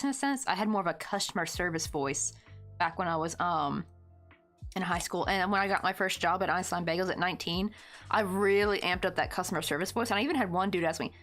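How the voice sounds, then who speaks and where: At her desk with her crochet, a young Southern Tennessee woman chats loosely on stream, answering viewer messages and peppering her talk with "like" and "um." Her voice is lowish and a bit bright.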